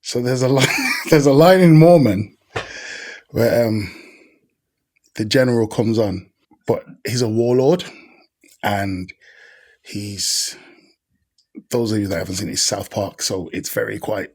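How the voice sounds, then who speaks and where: A man guesting on a podcast, a stage actor telling a story in an excitable, laughing, apologetic way. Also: on the low side, a little slow, pauses often. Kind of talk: animated storytelling in a podcast chat.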